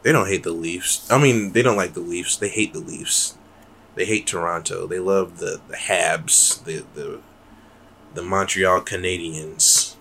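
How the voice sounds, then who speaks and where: A man's voice: low-pitched, a little slow, pushed and bright, slight background noise. A man co-hosting a podcast in loose, rambling casual chat, swearing freely. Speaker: podcast co-host.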